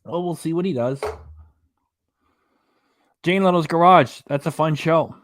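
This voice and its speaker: A man's voice: fairly high pitch, a little slow, fairly bright tone, a little hiss or hum. Chatty man hosting a livestream. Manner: rambling, chatty, reads out chat messages and web pages. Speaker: host of a reaction livestream. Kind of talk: casual livestream chat, reading viewer comments.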